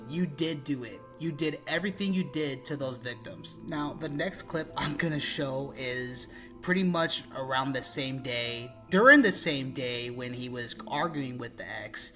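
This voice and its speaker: A man's voice: medium pitch, normal speed, over music. A man narrating internet drama commentary in a blunt, profane, exasperated way.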